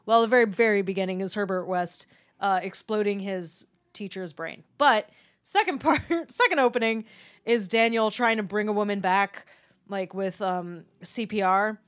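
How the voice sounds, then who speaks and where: A woman's voice: medium pitch, normal speed. A woman in a casual movie discussion, chatty and swearing freely, laughing often and acting out quoted lines. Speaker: podcast co-host.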